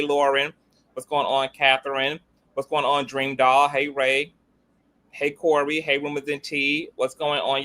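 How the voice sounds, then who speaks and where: A man with a bright, forceful tone hosting his own commentary livestream. He talks in a sassy, flamboyant way, greeting viewers by name and calling them girl and honey. His pitch sits in an ordinary middle range.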